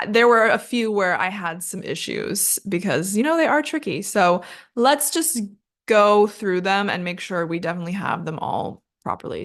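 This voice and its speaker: A woman's voice: mid-range voice, a bit bright. Tired, chatty woman teaching pronunciation. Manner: chatty, self-mocking, laughs at her own slips; slow, drawn-out model pronunciations. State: tired after several recordings in a row. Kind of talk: casual spoken lesson.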